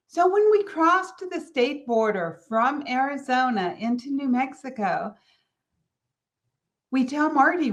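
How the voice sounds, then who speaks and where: A middle-aged woman from California hosts a motivational business podcast. Her voice sits high. She tells a family story with lively, animated energy and acts out the people she quotes. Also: moderate pace. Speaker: podcast host.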